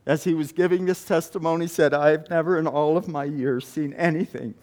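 A man preaching, retelling a missionary testimony with frequent halting restarts. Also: fairly high pitch, steady tone, darkish tone. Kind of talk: sermon storytelling.

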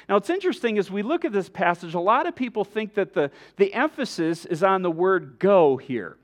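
A middle-aged man pastor preaching a sermon in an earnest, emphatic way, with measured pauses. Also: sits high.

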